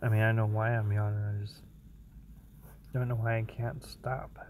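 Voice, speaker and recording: A tired man streaming from his phone while sitting in his parked car, chatting casually in a slow, rambling way. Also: lowish voice, little pitch movement, noisy background. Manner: slow, sleepy and rambling, yawning between thoughts. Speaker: streamer playing a mobile game. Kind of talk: casual live-stream chat.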